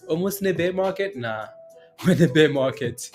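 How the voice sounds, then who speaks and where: A man's voice: on the high side, animated, normal speed, darkish tone, soft background music. A man hosting a casual day-trading livestream, talking through charts and answering chat questions, rambling with frequent chuckles and fillers.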